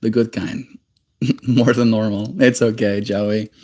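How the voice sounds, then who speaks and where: A man's voice: fairly low pitch, level tone, takes it slowly. Young guy streaming, joking around with chat, teasing, mumbly at times. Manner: playful, teasing, drifting into silly put-on voices and quiet mumbles. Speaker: daily livestreamer. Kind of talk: casual livestream chat reading comments.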